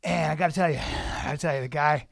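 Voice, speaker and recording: A man's voice: on the high side, fast, gravelly, no room sound, clean studio sound. A man co-hosting a comedy podcast, rambling through an absurd story with stammered repeats and mock earnestness. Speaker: podcast co-host. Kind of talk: improvised comedy chat.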